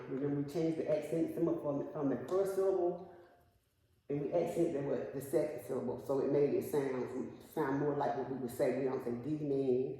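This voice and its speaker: A woman's voice: low-pitched, mellow. Woman teacher quizzing a class. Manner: patient, asks questions to prompt answers. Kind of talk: classroom instruction. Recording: echoey classroom with long reverb.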